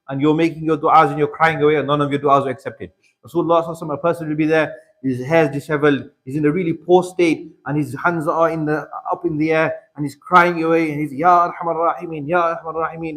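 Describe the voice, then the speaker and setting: Fast-talking British man giving earnest advice. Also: a little high, a bit bright. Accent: British English. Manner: earnest, urging, repeats for emphasis. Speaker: workshop teacher. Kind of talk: religious workshop talk. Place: mosque hall.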